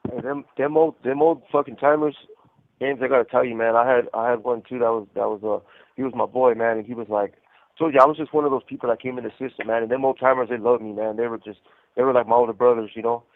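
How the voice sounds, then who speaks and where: A man's voice: medium pitch, steady tone, fast talker, no room sound. A man telling prison stories in a rambling, profane way with lots of fillers on a live call-in show. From California. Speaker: co-host. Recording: tinny phone line, dry.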